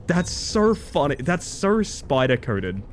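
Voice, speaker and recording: A man streaming a game from home and chatting casually in a rambling, animated way. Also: fairly high pitch, takes it slowly, a little hiss or hum. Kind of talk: casual chat while gaming.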